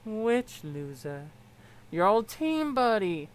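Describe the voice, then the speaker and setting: A woman's voice: mid-range voice, very animated, slow, pitched above the performer's own voice, poor audio. A woman voicing a scheming, chatty troll girl in a put-on Southern US accent, wheedling and sing-song. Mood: gushing.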